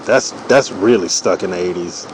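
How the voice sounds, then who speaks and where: Over a noisy background, a deep-voiced man in his forties speaks at a normal speed. He's a streamer drawing cartoons and riffing through a loose, profane comedy monologue stuffed with "you know" fillers.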